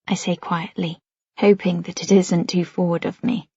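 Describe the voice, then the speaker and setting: A woman reading a first-person story aloud in a soft, measured narration. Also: fairly low pitch, little pitch movement, breathy edge, dry recording, lo-fi sound. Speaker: audiobook narrator.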